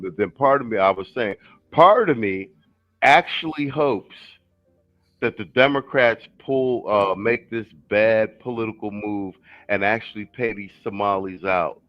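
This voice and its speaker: Male live panel host, lowish voice, heated profane rants, dull dry lo-fi sound. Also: dry recording.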